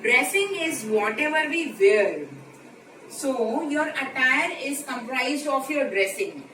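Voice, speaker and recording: A woman's voice: high voice, fairly bright tone. A woman from India with an Indian English accent, giving a lecture video and explaining terms step by step. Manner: explanatory, repeats key terms. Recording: echoey room, mic at a distance, background noise.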